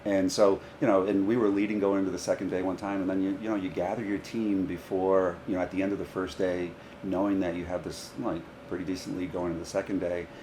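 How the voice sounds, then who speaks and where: Low-voiced man telling coaching stories. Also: quick pace, hardly any pauses, noisy background. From Rhode Island, US. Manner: animated, acts out dialogue in stories. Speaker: high school golf coach. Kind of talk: casual podcast storytelling.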